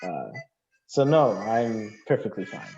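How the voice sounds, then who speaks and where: A man voicing an aloof, self-reliant woman apothecary who talks in a curt, unhurried way. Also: lowish voice, big pitch swings, darkish tone, muffled recording, faint music behind, exaggerated voice. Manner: curt, unhurried, slightly haughty.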